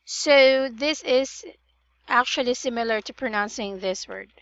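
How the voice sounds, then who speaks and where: A woman's voice: fairly high pitch, measured pace, fairly bright tone, no room sound, highs cut off. A woman tutoring English pronunciation in a one-on-one online session, patiently drilling words and correcting vowel sounds.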